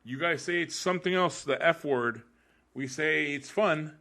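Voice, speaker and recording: A man's voice: on the high side, normal speed, gravelly, bright, forceful tone. A man hosting a casual podcast chat, laid-back and rambling, with lots of fillers and restarts. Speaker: podcast host.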